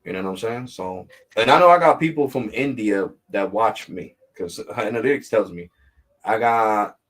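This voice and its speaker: A man with a low voice talks straight into the camera as a tech vlog host. He rants bluntly and casually, peppering his talk with street slang. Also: normal speed, a bit bright.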